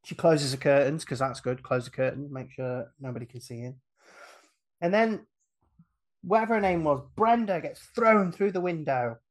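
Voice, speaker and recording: A man on a casual podcast, retelling a film's plot with lively energy, acting out the characters' lines and laughing often. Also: fairly high pitch, normal speed. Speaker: podcast guest retelling a film.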